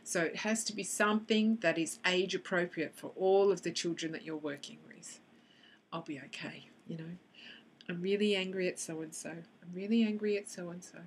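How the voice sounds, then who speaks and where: This Australian woman, an EFT practitioner, talks fairly quickly with few pauses in a fairly low voice. She instructs the camera on tapping with kids, acting out both roles of a session, over a little hiss or hum.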